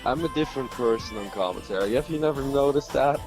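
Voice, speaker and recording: A man's voice: mid-range voice, fast talker, music in the background. A man doing color commentary on wrestling, playful and jokey with his partner.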